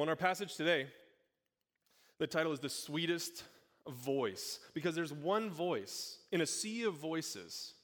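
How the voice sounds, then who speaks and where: A man's voice: medium pitch, a bit bright. A young adult man preaching a sermon, talking in a conversational, jokey way with asides to a live congregation in a church. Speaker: pastor.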